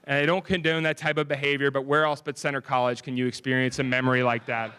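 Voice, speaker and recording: A man's voice: medium pitch, little pitch movement, fast, bright, forceful tone, clear, resonant tone. A young man giving an earnest acceptance speech at an alumni ceremony, telling stories with easy chuckles and casual fillers. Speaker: alumni award speaker. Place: ceremony venue.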